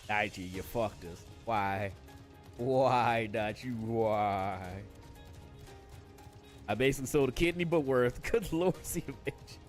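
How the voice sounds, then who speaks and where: A man's voice: mid-range voice, moderate pace, soft background music. A man chatting casually on a gaming stream, joking and swearing freely as he plays. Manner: joking, swears freely, reads game dialogue aloud.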